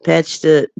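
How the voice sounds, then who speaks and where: A woman with a low voice and a sharp tone hosts a late-night livestream chat, recorded with no echo. She gets emotional and laughs as she replies to her viewers by name.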